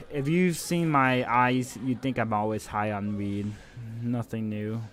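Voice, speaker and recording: A man casually commentating an esports match on his live stream, joking and swearing, with bursts of excited shouting. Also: medium pitch, slow pace.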